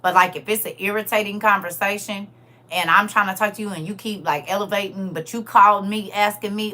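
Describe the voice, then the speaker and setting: A middle-aged woman hosts a livestream, chatting casually with her viewers in a brisk, medium-pitched voice. She's blunt and animated, calling her audience "y'all" and "baby."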